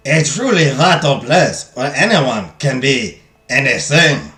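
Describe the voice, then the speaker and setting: A man's voice: medium pitch, expressive, slow pace, sharp tone, echoey room. A man voicing a young French nobleman writing love letters to his fiancée, in a put-on French accent and a romantic, declamatory manner.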